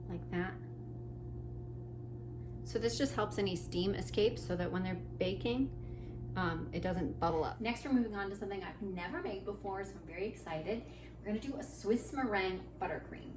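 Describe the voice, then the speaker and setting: A woman's voice: on the low side, distant mic, background noise. Playful woman baking in an echoey kitchen. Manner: goofy, jokes and chats to herself while working. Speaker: baking show host. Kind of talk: playful cooking demonstration.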